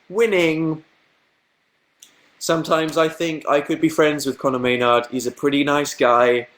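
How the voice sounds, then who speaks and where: A young man talking casually into his webcam, reading out comments and spinning awkward stories. He laughs often and mimics other people in a lifted, squeaky voice for comic effect. The pitch sits in an ordinary middle range. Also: a bit bright. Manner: chatty storytelling, acting out quotes in higher voices, laughing. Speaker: livestream host. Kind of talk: casual livestream chat.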